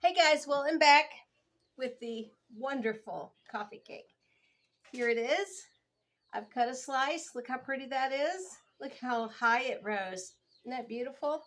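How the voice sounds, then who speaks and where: A woman's voice: high voice, measured pace, fairly bright tone. A woman, chatting casually to viewers in a home cooking vlog. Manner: chatty and homey, addressing viewers as guys and y'all. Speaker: home baking vlogger.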